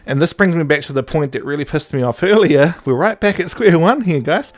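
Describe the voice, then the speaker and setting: A man's voice: fairly high pitch, lively intonation, normal speed, few pauses, soft background music. A young man co-hosting a podcast, rambling and sarcastic in casual chat, laughing often. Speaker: podcast co-host.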